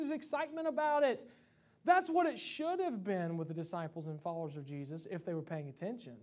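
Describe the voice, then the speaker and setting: High-voiced impassioned male preacher. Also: lively intonation, fast talker, darkish tone. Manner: impassioned preaching with many restarts. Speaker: pastor. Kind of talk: sermon. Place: church sanctuary.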